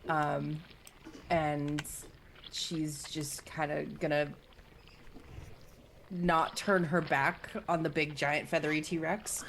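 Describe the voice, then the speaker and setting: A woman playing a tabletop game, describing her character's actions in an unhurried way. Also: low-pitched, flat delivery, fairly bright tone, slight background noise. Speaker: player. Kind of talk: casual tabletop play.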